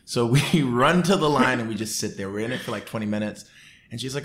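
Guy on a podcast telling a story, gets animated, does little voices for people. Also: medium pitch, normal speed. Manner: animated, acts out quotes in raised voices. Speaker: podcast guest. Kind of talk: casual storytelling.

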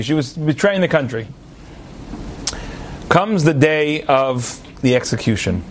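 Male rabbi, sermon storyteller: lively, playful asides, leaps up in pitch for emphasis. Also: takes it slowly, long pauses, a little hiss or hum. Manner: animated storyteller, jokey asides, sudden high emphatic swings. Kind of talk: sermon with a told parable.

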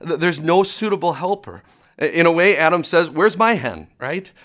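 A man's voice: a little high, normal speed, fairly bright tone. A man preaching a conversational sermon, often restarting words and chuckling as he talks.

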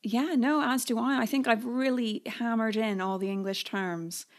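A woman's voice: on the high side, steady tone, normal speed. A young woman from Canada hosting a podcast, playful and dramatic as she tells stories and chats. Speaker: podcast host. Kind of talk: podcast chat with dramatic narrated intro.

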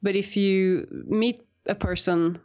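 A woman guest speaks at an ordinary pitch, laughing often as she talks and restarting her sentences along the way. The audio is slightly dull and lo-fi. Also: steady tone, slow pace, darkish tone. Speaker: guest, science communicator. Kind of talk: casual interview answers.

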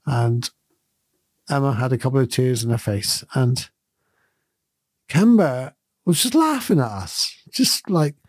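A man's voice: mid-range voice, big pitch swings, slow pace, pauses often, no echo, clean studio sound. A middle-aged man, a podcast host, giving a thoughtful and earnest reflective monologue in a conversational way.

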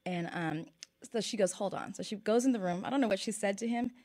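A woman journalist guest in a casual chat, telling animated stories about interviews. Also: medium pitch. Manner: fast, storytelling, animated.

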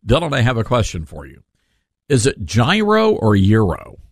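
A man hosting a talk radio show, giving casual opinion commentary in an animated, sarcastic way with rambling asides. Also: mid-range voice, moderate pace, no room sound, clean studio sound.

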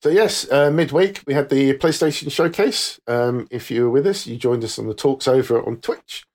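A man's voice: medium pitch, normal speed, darkish tone. A man co-hosting a podcast, presenting the news segment in an easygoing way. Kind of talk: casual podcast banter.

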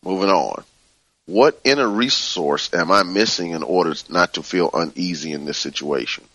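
Brief: low-voiced male teacher, calm and unhurried, dry close sound. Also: no room sound. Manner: slow, calm, repeats soothing phrases. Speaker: teacher leading a book study. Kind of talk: spiritual teaching, reading from a book.

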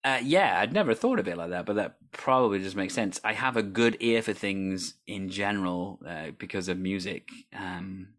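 Low-voiced man hosting a chatty conversation. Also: lively intonation, moderate pace, hardly any pauses, fairly bright tone. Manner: chatty, rambling, frequent fillers. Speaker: host. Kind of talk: casual chat.

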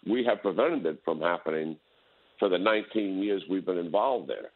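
A man, a military general, giving a measured, firm interview as a guest on a call-in. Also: deep voice, lively intonation. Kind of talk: phone interview. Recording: tinny phone line.

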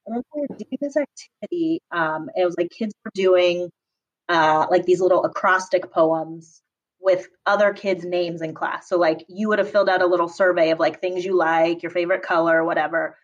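A young woman teacher from Southern California talks through interview questions in a loose, chatty way, full of fillers and quick laughs. Her voice sits a little low. The recording is dull and lo-fi. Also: fairly bright tone. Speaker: public school teacher, podcast guest. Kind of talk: casual interview answers.

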